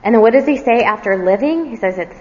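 A woman's voice: fairly high pitch, lively intonation, quick pace. A woman preaching an expository sermon, earnest in tone with self-deprecating asides. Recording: reverberant hall, dull lo-fi sound.

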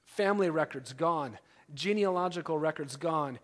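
A man with a high voice preaches a sermon to his congregation, his delivery animated and emphatic. His words ring out with a long reverb, as in a church sanctuary. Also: normal speed. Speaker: pastor.

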